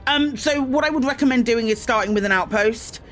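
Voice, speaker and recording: A woman's voice: a little high, a little fast, fairly bright tone, faint music behind. A woman streaming a space game, chatting casually with her viewers, greeting them in bursts, with frequent ums and self-mocking asides. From Britain. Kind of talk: casual live-stream chat.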